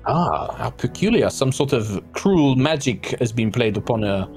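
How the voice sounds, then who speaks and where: A man's voice: mid-range voice, animated, unhurried, darkish tone, faint music behind. A man voicing a gracious, formal fae noblewoman who speaks politely with frequent hesitations. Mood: courteous. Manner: formal, hesitant with many fillers.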